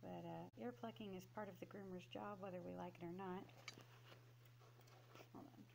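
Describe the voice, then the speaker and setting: A woman's voice: lowish voice, steady tone, normal speed, gravelly. A woman dog groomer explaining her work casually, cooing soothingly to the dog in between. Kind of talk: casual demonstration while working. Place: grooming room. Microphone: handheld camera. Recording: noisy grooming room.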